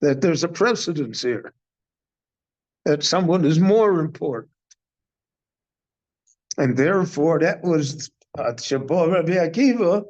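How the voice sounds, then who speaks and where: An older rabbi gives a slow, deliberate Torah lecture at a very measured pace, posing questions before he answers them. His voice sits somewhat high for a man, expressive and a little mellow, and the synagogue recording sounds dull and lo-fi.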